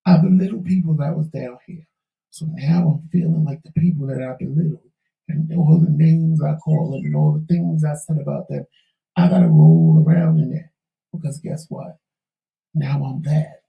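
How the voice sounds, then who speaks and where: A talk show co-host tells a candid life story in an emphatic, preachy manner, full of folksy Southern-tinged slang. His fairly high, creaky voice moves at a moderate pace and is clearly going hoarse. The recording is reverberant and distant, with the highs cut off.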